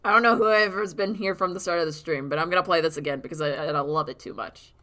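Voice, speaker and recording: A woman's voice: deep voice, quick pace, sharp tone. A woman chatting casually on a live stream about her animation work, giggly and swearing freely. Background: song playing faintly.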